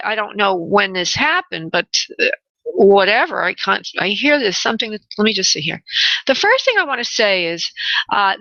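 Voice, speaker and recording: A woman hosting a call-in radio show as a spirit medium, talking in a halting way with many fillers, relaying messages and calling callers honey. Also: medium pitch, bright, forceful tone, no echo, highs cut off. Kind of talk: call-in psychic reading on radio.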